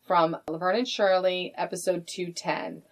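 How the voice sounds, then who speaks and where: A woman's voice: lowish voice, fairly even intonation, unhurried, noisy background. A middle-aged woman co-hosting a podcast in casual chat, reading out award picks and praising performers expressively. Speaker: podcast co-host.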